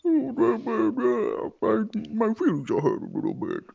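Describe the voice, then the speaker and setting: A man's voice: sits high, huge pitch swings, a little slow, creaky, darkish tone, slightly rough, muffled recording, voice pushed up, heavily acted. A man voicing a tired, complaining pack yak in a tabletop game. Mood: sulky. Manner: sulky complaining.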